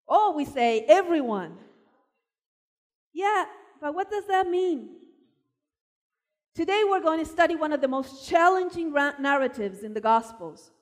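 A woman from Argentina preaching a sermon, telling personal stories with animated emphasis. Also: very high-pitched. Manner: animated storyteller, voice rising for emphasis. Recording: long hall reverb.

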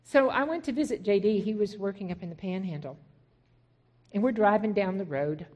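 Woman, middle-aged, minister, testimony sermon, animated storyteller, voices the dialogue. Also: mid-range voice, brisk. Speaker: Christian minister.

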